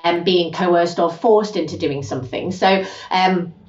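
Woman guest chatting on a podcast, lively, sounds roomy and far from the mic, a bit dull. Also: fairly low pitch, unhurried. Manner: animated, acts out quoted voices. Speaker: podcast guest, gender justice specialist. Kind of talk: conversational interview.

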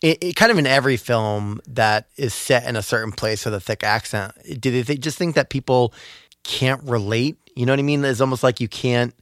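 A man co-hosting a podcast in casual chat, musing and asking questions, slowing down to draw out details. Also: mid-range voice, fairly bright tone, no echo, studio quality. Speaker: podcast co-host.

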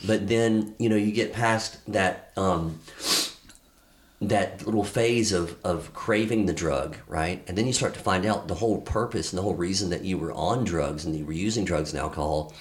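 A middle-aged man, a podcast guest, telling a personal story in a candid, earnest way, halting often with fillers and restarts. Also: low voice.

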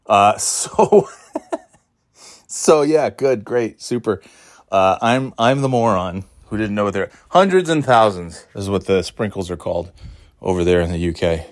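A man's voice: lowish voice, measured pace, no room sound, studio quality. A man from New England in a rambling, self-mocking monologue, exasperated at times.

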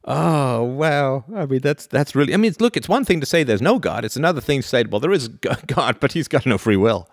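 A man giving an animated philosophy lecture, full of rhetorical questions and laughing asides. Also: mid-range voice, moderate pace, hardly any pauses, no echo, clean studio sound.

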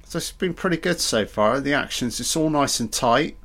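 A man's voice: medium pitch, lively intonation, normal speed, fairly bright tone. A man giving a casual audio commentary on a film, chatty, joking and swearing a lot.

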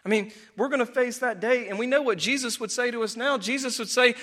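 A man preaching a sermon as pastor, telling a story with animated, exclaiming delivery. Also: very high voice, a little fast, few pauses, big-room sound.

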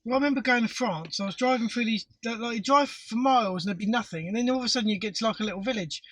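A man's voice: sits high, racing, a bit bright, slight background noise, rough recording. A man in a casual podcast chat, blunt and sweary in his banter. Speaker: podcast co-host.

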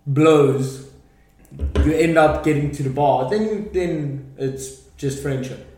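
A man as a podcast guest, giving relaxed, brief agreeing replies in casual chat. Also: fairly high pitch, takes it slowly. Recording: very echoey room.

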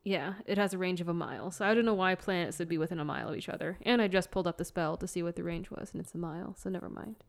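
A woman's voice: on the low side, very fast, vocal fry, hardly any pauses. A woman playing a tabletop role-playing game, practical and planning aloud. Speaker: player. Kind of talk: casual tabletop role-play.

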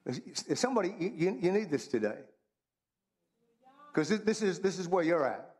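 A man's voice: sits high, sing-song, moderate pace, a little mellow. A man preaching a sermon, talking in a conversational, humorous way and repeating his phrases for emphasis. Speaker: pastor.

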